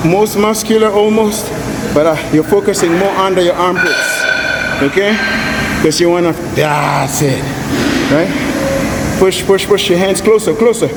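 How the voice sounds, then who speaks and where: A man's voice: high-pitched, measured pace, very noisy. A man coaching a workout, pushing and cheering his client on and calling him buddy again and again. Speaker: fitness coach.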